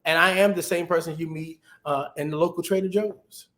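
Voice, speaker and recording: A man's voice: fairly high pitch, a little fast. Upbeat man giving career advice on a call. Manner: animated, conversational advice-giving. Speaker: guest, TV executive producer. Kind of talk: casual webinar interview.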